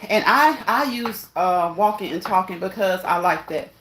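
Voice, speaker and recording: A woman's voice: medium pitch, normal speed, fairly bright tone, echoey room, a little hiss or hum, low-quality recording. A woman vlogging as she exercises indoors on a machine, a little winded, repeating herself and encouraging viewers. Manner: repetitive, encouraging, laughs often. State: slightly winded. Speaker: fitness vlogger. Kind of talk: casual talk while exercising.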